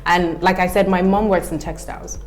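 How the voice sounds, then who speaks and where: A woman's voice: on the low side, a little fast, soft background music. A woman with a British London accent, a TV host and actress chatting frankly as a guest. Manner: frank, animated storyteller. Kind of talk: casual chat.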